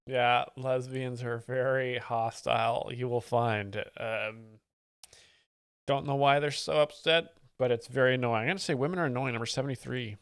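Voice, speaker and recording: A man hosting a live stream, giving mock-expert commentary and reading chat in a deadpan, easily distracted way. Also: medium pitch, moderate pace, clean tone, no echo. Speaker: livestream host. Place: home setup with several screens.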